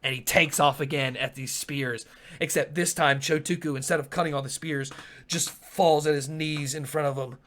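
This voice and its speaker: A male game master narrates a tabletop battle in a vivid, animated storytelling voice. His pitch sits a little above the usual for a man. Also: moderate pace.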